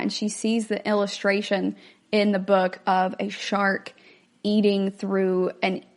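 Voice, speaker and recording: A woman hosts a podcast and talks through a film in a relaxed, conversational way. She explains things at length in an ordinary mid-range voice. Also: mid-range voice, vocal fry. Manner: chatty, explanatory, acts out quotes. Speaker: podcast host. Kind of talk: casual film commentary.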